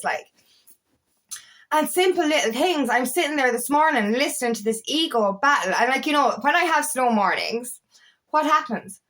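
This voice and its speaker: A woman's voice: high-pitched, a little fast, fairly bright tone. A woman coaching, talking straight to camera in an emphatic, rambling way and swearing a lot. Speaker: feminine empowerment coach. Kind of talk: casual vlog monologue.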